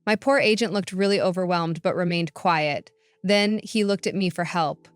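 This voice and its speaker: Smooth low-voiced woman narrating. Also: moderate pace, no echo. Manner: even, matter-of-fact storytelling. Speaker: story narrator. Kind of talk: scripted first-person story narration. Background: faint background music.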